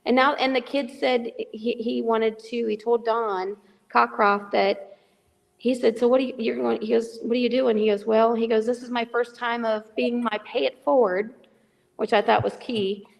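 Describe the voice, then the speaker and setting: Woman, middle-aged, gravelly voice, fairly high, animated storyteller, remote call with long echo. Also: moderate pace. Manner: animated, acts out dialogue in quotes. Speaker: guest, charity volunteer. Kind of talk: casual storytelling on a call-in podcast.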